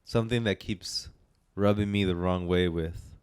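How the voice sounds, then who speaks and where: This male co-host of a movie podcast has a low, steady voice that sounds clear and resonant, delivered at a moderate pace. He chats casually, joking and rambling, with big swings in energy. The sound is clean studio audio with no room echo.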